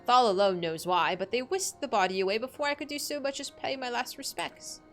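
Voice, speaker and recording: A woman voicing a grieving old woman who tells dark legends in a theatrical, wailing way. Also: a little high, brisk, soft background music, close to an everyday voice. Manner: theatrical, wailing, archaic storytelling. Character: grieving old woman, dramatic and doom-crying.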